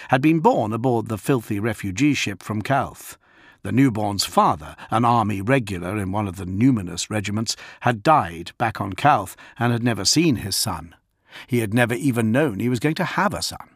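A man reads audiobook narration with measured expression. His pitch moves in a lively way. The recording is dry and close. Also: dry recording. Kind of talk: scripted narration.

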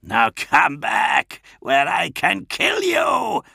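A gaunt, menacing warlord from an audiobook hisses in a rasping death-rattle voice, as a man puts him on. He draws every word out slowly and mockingly, his tone gravelly and grainy. The delivery is dry and close. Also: high voice, huge pitch swings, sharp tone, no room sound, voice pushed up, heavily acted. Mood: threatening. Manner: slow, drawn-out menace. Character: towering cadaverous male warlord, menacing, mocking.

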